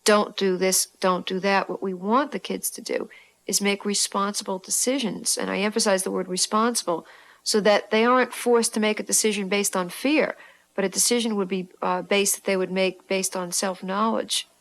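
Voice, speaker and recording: A woman's voice: mid-range voice, steady tone, moderate pace, poor audio. A woman parent organizer speaking earnestly and emphatically in an interview. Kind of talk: interview answer.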